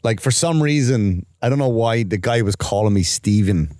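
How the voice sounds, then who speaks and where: A man's voice: fairly low pitch, lively intonation, normal speed, a little mellow, no room sound, clean studio sound. A man with an Irish accent co-hosting a comedy podcast, rambling through stories with many restarts and acted-out quotes. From Ireland. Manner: rambling storyteller, restarts and acts out quoted voices. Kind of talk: casual comedic chat.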